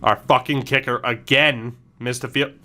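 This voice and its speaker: A man's voice: medium pitch, fairly even intonation, normal speed, pushed and bright. Frustrated, swearing gaming streamer man. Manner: frustrated, swearing, self-blaming rants. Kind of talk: live gameplay commentary.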